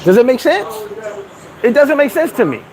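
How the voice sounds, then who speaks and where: A man's voice: extremely high pitch, sing-song, normal speed, crowd noise, rough recording. A man hosting a casual livestream chat, talking bluntly and profanely and reading out viewer comments. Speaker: livestream host.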